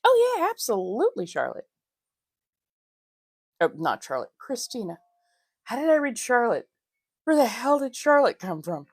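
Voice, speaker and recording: A woman's voice: on the high side, sing-song, measured pace, long pauses. A woman hosting a casual livestream, chatting with viewers, laughing often and calling them darlings. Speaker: livestream host.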